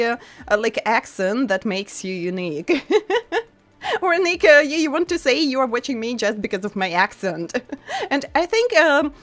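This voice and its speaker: A woman streamer with a non-native English accent, chatting casually with her viewers, full of fillers and laughing often. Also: sits high. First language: not English. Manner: chatty, frequent fillers and laughs, reads chat aloud. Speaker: VTuber streamer.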